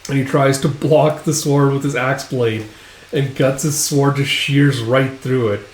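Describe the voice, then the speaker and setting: A man's voice: mid-range voice, steady tone, unhurried. A man casually recapping a comic book page by page, with loose filler-heavy retelling. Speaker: comics reader and commentator. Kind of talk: casual read-through recap. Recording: roomy echo.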